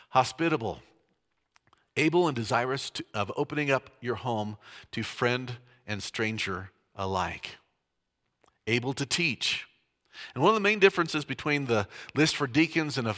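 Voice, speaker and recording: A man with a bright, forceful voice preaches a sermon, talking to the congregation in a loose, conversational way and dropping in joking asides. The sound rings with a long reverb, as in a large church hall. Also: mid-range voice. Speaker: pastor.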